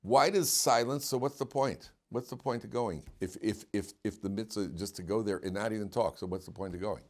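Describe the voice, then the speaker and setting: A man's voice: lowish voice, fairly quick, darkish tone. A man, a rabbi giving an informal Torah class, talking animatedly many restarts and questions to his students.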